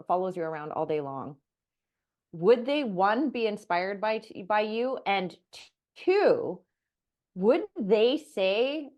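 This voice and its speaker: A middle-aged woman co-hosting a podcast, talking candidly and bluntly, animated and swearing freely. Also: lowish voice. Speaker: podcast co-host. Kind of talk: candid casual chat.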